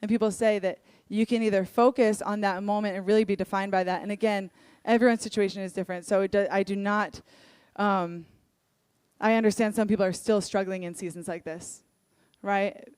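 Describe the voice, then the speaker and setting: A young adult woman leading worship, telling personal stories in an earnest, candid sermon and acting out what people said in lively voices. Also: mid-range voice, a little fast, clear, resonant tone, no echo. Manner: earnest, candid storytelling with lively acted-out quotes. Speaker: worship leader.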